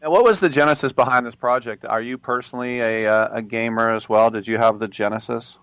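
A man's voice: medium pitch, steady tone, quick pace, a bit bright, no echo, dull audio. A man hosting an interview, asking chatty, teasing questions. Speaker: interviewer, host.

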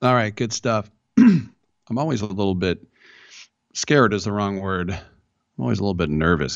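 A man's voice: on the low side, normal speed, gravelly, pauses often, dry recording, dull audio. A man hosting a sports radio show, talking in a loose, chatty way with jokey asides. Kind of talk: casual talk radio interview.

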